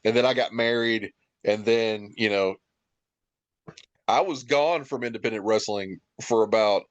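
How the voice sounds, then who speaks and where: A man's voice: on the low side, measured pace, no room sound, muffled recording. Profane, rambling male podcast guest. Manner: rambling, profane anecdotes with wry asides. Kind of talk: casual storytelling chat.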